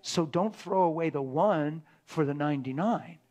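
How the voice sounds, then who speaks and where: A pastor giving a conversational sermon, earnest and full of rhetorical questions, acting out little dialogues. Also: male voice, fairly high pitch, moderate pace, darkish tone. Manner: earnest, acts out dialogue between spouses.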